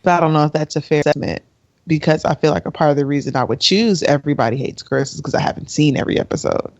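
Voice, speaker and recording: A woman's voice: deep voice, quick pace, dry recording. Woman co-host, casual podcast chat, sighs a lot, torn and exasperated, dry slightly dull recording. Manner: indecisive, sighing, exasperated.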